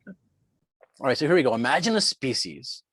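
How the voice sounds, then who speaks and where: A man's voice: medium pitch, sing-song, moderate pace, a bit bright, husky, no echo. A man lecturing on biology in an online class, working through quiz questions and thinking aloud in a chatty way.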